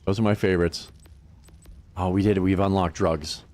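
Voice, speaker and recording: A man's voice: low-pitched, fairly even intonation, normal speed, darkish tone, slight background noise. A man streaming a game and chatting casually, swearing and laughing his way through stories. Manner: loose, profane storytelling, laughing often. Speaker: livestreamer. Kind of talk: casual gaming stream chat.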